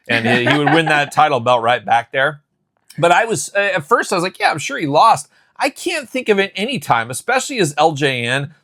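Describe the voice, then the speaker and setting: A man hosting a show, chatting and telling stories in an animated, casual way. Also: on the high side, dry recording, clean studio sound. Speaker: host. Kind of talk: casual chat.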